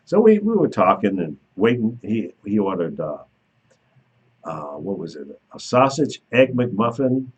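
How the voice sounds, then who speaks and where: Male host, husky voice, lively pitch, spins a casual anecdote. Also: a little slow, muffled recording. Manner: animated storyteller who laughs while telling. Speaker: radio show host. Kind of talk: casual chat and storytelling.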